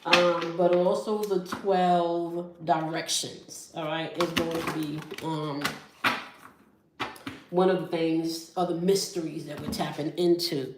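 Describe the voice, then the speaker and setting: Woman, tarot reader, lowish voice, keeps asking "all right?", roomy echo. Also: flat delivery, slow, noisy background. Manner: frequent check-ins like "all right?" and "okay?". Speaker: tarot reader and channel host. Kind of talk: spiritual tarot reading, talking to viewers. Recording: echoey room.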